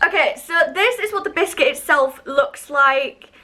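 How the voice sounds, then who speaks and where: A woman's voice: high-pitched, measured pace, bright, forceful tone. A young woman from the UK chatting casually and enthusiastically while reviewing snacks in a vlog, with lots of fillers. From United Kingdom. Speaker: vlogger.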